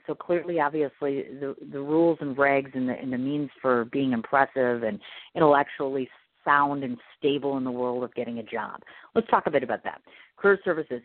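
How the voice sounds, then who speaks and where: A woman from the Midwest hosting a podcast talks fast and gushes. Her voice comes through dry and thin, like over a phone line. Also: rumbling low, dry recording. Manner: gushing, excitable, self-described nervous. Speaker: podcast host. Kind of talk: casual interview chat. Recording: dry, tinny phone-like sound.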